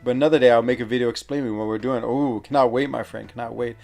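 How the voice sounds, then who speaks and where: A man chatting casually on a game stream, wandering from thought to thought and filling pauses with "um" and "what you call it." His pitch sits in an ordinary middle range. Soft game music plays faintly underneath him. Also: steady tone, gravelly. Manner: rambling, many fillers and searches for words. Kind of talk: casual live-stream chat.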